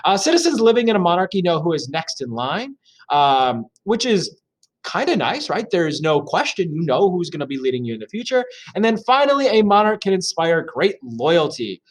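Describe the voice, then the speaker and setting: A man's voice: high-pitched, big pitch swings, normal speed. A man reading and explaining a social studies lesson, chatty with jokey asides and frequent fillers. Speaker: teacher.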